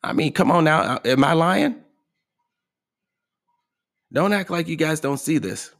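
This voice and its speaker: A man's voice: fairly high pitch, animated, unhurried, gravelly, fairly bright tone. A man hosting a motivational podcast, talking emphatically and asking his listeners rhetorical questions. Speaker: podcast host.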